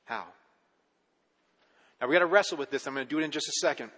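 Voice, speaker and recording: Bright-voiced male pastor in echoing hall. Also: on the high side, fast talker. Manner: conversational preaching, rhetorical questions, repeats words when excited. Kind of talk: sermon.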